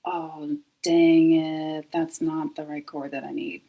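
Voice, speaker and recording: A woman's voice: deep voice, very animated, slow pace, vocal fry, dark tone, rough recording. A woman hosting a casual livestream at home, talking to herself while she troubleshoots her equipment. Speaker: host of a comedy web series.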